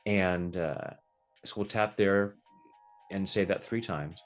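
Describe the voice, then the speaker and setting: Man, low voice, relaxed teaching, jokey, faint music behind. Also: slow pace. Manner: relaxed, jokey, acts out little quoted voices. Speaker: tapping practitioner, guest. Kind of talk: casual teaching over video call.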